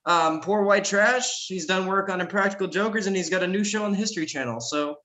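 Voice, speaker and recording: A brash man hosting a podcast, joking and swearing through casual chat. His voice sits high and sounds bright and forceful. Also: fairly quick. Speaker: podcast host.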